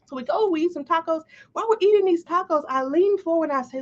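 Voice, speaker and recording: A woman's voice: extremely high pitch, fast talker, hardly any pauses. A woman, a life coach, telling a story to a live audience with much animation, acting out the dialogue and laughing often. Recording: dull lo-fi stream audio.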